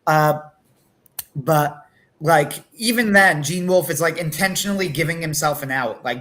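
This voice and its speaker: A man co-hosting a casual livestream talk, animated, acting out quotes between many fillers. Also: on the high side, unhurried. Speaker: podcast co-host.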